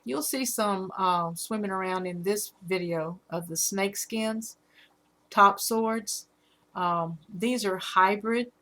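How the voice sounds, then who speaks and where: A middle-aged woman with a Southern accent, hosting a casual live stream about her fish, halting often with fillers. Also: medium pitch, a bit bright. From Alabama. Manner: rambling, halting with fillers, reads out chat comments.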